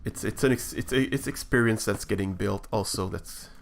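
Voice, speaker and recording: A man's voice: fairly low pitch, normal speed, creaky, a little hiss or hum. A man streaming a building game, talking over his play in a hesitant, reflective way with many restarts. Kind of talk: casual live-stream chat while building.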